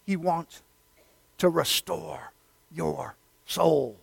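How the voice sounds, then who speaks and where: Male pastor, high voice, unhurried delivery, goes from booming declarations to near-whispers, dry close sound. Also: creaky, breathy edge, dry recording. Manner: swings between loud emphatic declarations and hushed near-whispers; repeats phrases for emphasis, calls listeners friend. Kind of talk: sermon.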